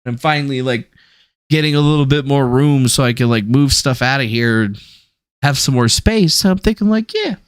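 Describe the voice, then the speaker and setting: A man's voice: mid-range voice, lively intonation, moderate pace, clean tone, dry recording. A man chatting casually on a livestream, swearing freely and rambling through stories. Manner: profane, rambling, storytelling. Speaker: streamer.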